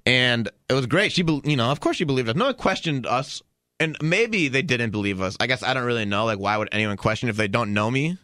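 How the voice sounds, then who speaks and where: Bright, dry-sounding man, chatty storyteller, rambling with fillers. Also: medium pitch, animated, brisk, dry recording. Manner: rambling anecdote with many fillers. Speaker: podcast guest, producer. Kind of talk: casual chat, storytelling.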